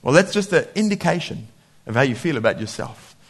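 A man preaching a sermon in a lively way, laughing often and acting out voices when he quotes people. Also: medium pitch, fairly quick, slightly rough.

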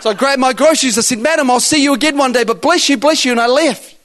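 A man preaching and telling lively stories, acting out both sides of conversations with loud bursts. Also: very high voice, quick pace. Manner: animated storyteller acting out dialogue, loud bursts. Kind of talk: sermon storytelling.

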